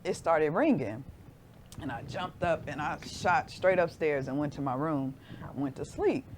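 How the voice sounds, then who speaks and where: A woman in her forties, a guest in an interview, telling a personal story with lively acted-out voices. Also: deep voice, unhurried, slight background noise.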